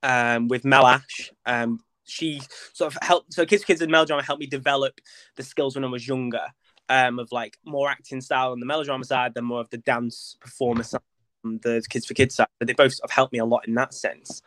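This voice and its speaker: Speaking fairly quickly in a mid-range, fairly bright voice with fairly even intonation, this young man from North West England is a theatre performer guesting in a casual interview. He's self-deprecating and full of ums and likes, with no echo on the recording.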